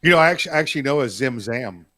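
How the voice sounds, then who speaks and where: A man's voice: medium pitch, expressive, quick pace, bright, forceful tone, no room sound. A man co-hosting a political talk podcast, joking and wisecracking in casual banter. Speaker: podcast co-host.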